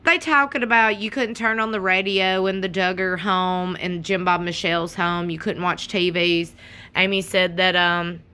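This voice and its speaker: A woman's voice: lowish voice, steady tone, moderate pace, bright, forceful tone, clean tone. A young adult woman giving casual, sassy reaction commentary and talking straight to her viewers. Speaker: commentary channel host.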